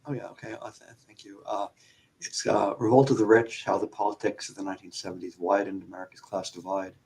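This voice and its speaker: Low gravelly male author, measured. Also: level tone, darkish tone, low-quality recording. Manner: measured, academic, hesitant with fillers. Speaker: author and panel guest. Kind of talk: radio panel discussion.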